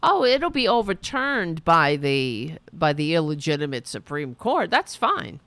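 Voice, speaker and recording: Woman host, mocking political commentary, bouncy pitch, drawn-out delivery. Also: big pitch swings, a bit bright, no echo. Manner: mocking, sarcastic asides. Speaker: podcast host.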